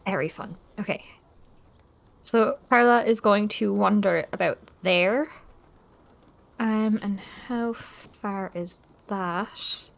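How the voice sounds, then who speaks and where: A woman's voice: medium pitch, vocal fry. A woman playing a tabletop game in casual chat, playful and jokey. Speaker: player.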